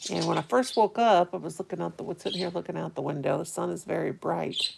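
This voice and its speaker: A woman's voice: lowish voice, fairly even intonation, quick pace, gravelly, background noise. A woman hosting a casual home vlog, chatting in a rambling, easily amused way while sitting by a window. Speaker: vlog host. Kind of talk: casual chat to viewers.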